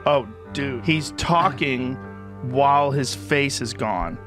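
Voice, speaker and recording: A man hosts a podcast in loose, casual chat, piling up gory detail with blunt swearing and emphatic repeats. His voice sits at a middle pitch, and music plays clearly underneath him. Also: slow. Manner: animated, profane storytelling. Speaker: podcast host.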